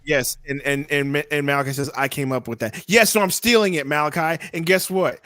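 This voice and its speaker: A young man co-hosting a podcast, chatting casually and joking excitably while reacting to a live basketball game. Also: fairly high pitch, a little fast, no room sound. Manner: joking, excitable, trash-talking. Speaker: podcast co-host.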